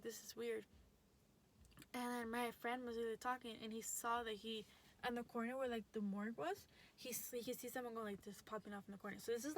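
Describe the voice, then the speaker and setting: A young adult woman telling a story in a casual vlog, chatty and full of fillers and restarts. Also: on the high side. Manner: chatty, lots of likes and restarts. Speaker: vlogger.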